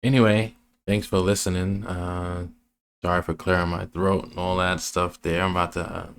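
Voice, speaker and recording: A trading educator with a low-pitched voice speaks at normal speed in a level tone. He casually walks through trading charts, rambling, restarting his sentences often and using many fillers.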